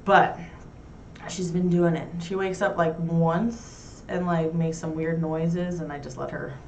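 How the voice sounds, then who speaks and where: A woman's voice: low voice, level tone, measured pace, a little mellow, lo-fi sound, a little hiss or hum. Frank, crude woman host, roomy and distant. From New York. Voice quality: frank, crude, self-mocking humor. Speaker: talk show host. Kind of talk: casual chat. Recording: roomy echo, heard from far off.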